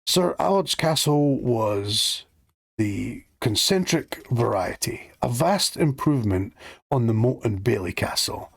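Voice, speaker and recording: A man's voice: medium pitch, expressive, slow pace, creaky, breathy edge, dry recording, exaggerated voice. A man voicing a fussy, long-winded talking clock who lectures and splutters. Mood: pedantic. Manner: pedantic and spluttering.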